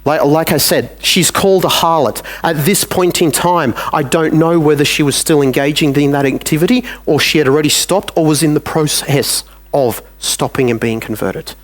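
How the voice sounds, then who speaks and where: A man with an Australian accent preaches a conversational sermon, his voice sitting a little higher than most men's. He shifts easily into quoted back-and-forth exchanges to make his points. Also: normal speed, few pauses. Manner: conversational preaching, acting out dialogues.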